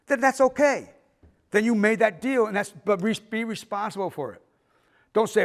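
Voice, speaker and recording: Brisk and high-voiced, a middle-aged man tells stories during a filmmaking workshop in an arts center auditorium, acting out quotes and swearing now and then.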